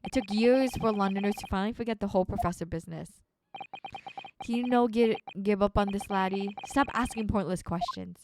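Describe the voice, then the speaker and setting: A woman's voice: mid-range voice, fairly quick, noisy background, lightly acted. A woman voicing a blunt, testy male prison guard in a broad, put-on Scottish-style brogue while reading game dialogue. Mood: gruff. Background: background music.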